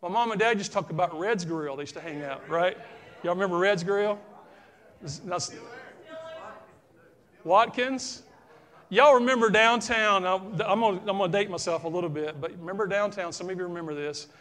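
A man's voice: high voice, normal speed, a bit bright. A middle-aged man with a Southern US accent, preaching a folksy sermon and talking straight to his congregation. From South Carolina, US. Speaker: pastor.

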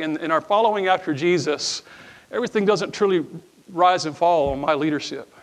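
A middle-aged man preaches from the pulpit with a high voice. He reads scripture aloud, restarts his phrases, and keeps calling on the congregation to answer back. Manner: repeats words, calls for congregation responses. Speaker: pastor. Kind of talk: sermon with scripture reading and prayer. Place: church sanctuary before a congregation.

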